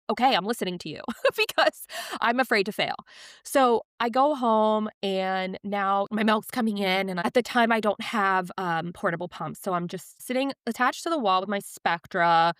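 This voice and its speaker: A woman's voice: medium pitch, moderate pace, dry recording, clean studio sound. A young woman on a podcast, telling a personal story in a candid, emotional, confiding way. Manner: emotional, confiding, animated retelling. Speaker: podcast guest.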